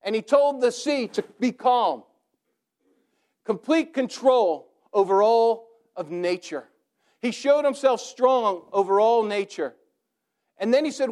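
A man with a strikingly high voice delivers a sermon. He asks rhetorical questions and stacks up repeated phrases in a steady, rhythmic preaching cadence. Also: a little slow.

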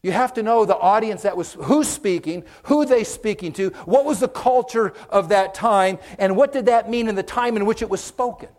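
A man preaching a conversational sermon, folksy and direct with his listeners, swinging from loud emphasis to hushed, whispered moments. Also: sits high, normal speed, few pauses. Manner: folksy, direct, addresses listeners with okay and amen.

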